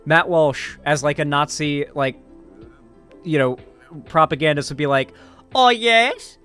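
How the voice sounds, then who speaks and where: A man's voice: a little high, level tone, unhurried, fairly bright tone, smooth, faint music behind. A man giving casual, profane political commentary on a livestream, loose and full of fillers.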